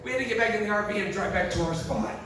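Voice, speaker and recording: A man with a high voice performs a stand-up set in a live venue, heard from far off through a very echoey, noisy room. He tells crude stories with plenty of swearing and acts out every line of dialogue. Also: racing. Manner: profane, animated storytelling with acted-out quotes. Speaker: comedian.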